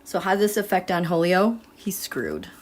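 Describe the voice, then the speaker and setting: A woman reading tarot cards live, chatting in an animated way and laughing often. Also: lowish voice, moderate pace. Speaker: tarot reader.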